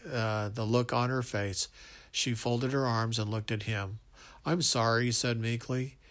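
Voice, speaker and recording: Gravelly man reading a story aloud. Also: mid-range voice, a bit bright. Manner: unpolished reading with slips and restarts. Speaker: narrator.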